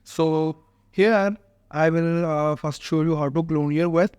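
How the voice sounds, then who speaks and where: A man hosting a casual software walkthrough, chatty and explaining step by step with many "uh" fillers. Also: a little high, fairly even intonation, measured pace, clean tone, no echo, studio quality. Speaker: tech tutorial host.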